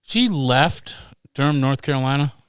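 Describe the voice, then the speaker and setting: A middle-aged man telling stories as a podcast guest, animated and profane, acting out voices as he goes. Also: mid-range voice, normal speed, clear, resonant tone, no echo, studio quality. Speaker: guest, pro snowboarder. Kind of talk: casual storytelling.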